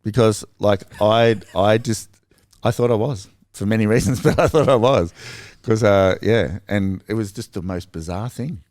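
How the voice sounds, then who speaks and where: A man with an Australian accent, telling stories in a casual podcast chat, rambling and animated with lots of fillers. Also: on the low side, moderate pace, no echo, studio quality.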